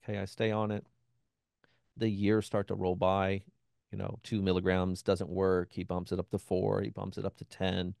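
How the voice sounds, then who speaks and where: A man with a fairly low, gravelly voice talks as an interview guest, recounting his experience in a loose, conversational way. He slips into the voices of people he quotes and keeps saying "you know." The sound is close and dry. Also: monotone, normal speed, a little mellow, dry recording. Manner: acts out quoted voices of others; frequent "you know" and restarts. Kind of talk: conversational personal storytelling.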